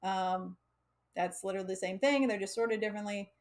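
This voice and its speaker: A woman's voice: mid-range voice, brisk, a little mellow. An American woman teaching coding on a live stream, chatty and laughing often, with frequent fillers. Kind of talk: casual live coding lesson.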